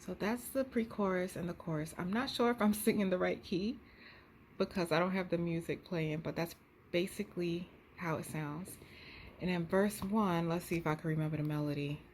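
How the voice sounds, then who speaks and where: A woman's voice: on the low side, normal speed, a little mellow, a little hiss or hum. A young woman, talking casually into her phone camera, thinking aloud and singing bits of a song draft. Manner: chatty, thinks aloud, sings snatches of melody. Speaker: songwriter vlogging her process. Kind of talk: casual vlog talk, singing draft lyrics.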